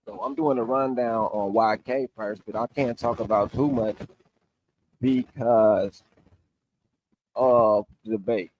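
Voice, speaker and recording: A man's voice: medium pitch, no room sound. Emphatic man, dry close mic. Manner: animated, emphatic, argumentative, talks through on-screen sources. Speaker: online debater recapping a debate. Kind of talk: livestream recap.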